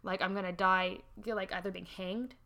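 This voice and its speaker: Animated woman podcast host telling history. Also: medium pitch, a little fast. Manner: animated, swears freely, laughs often. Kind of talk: casual storytelling chat.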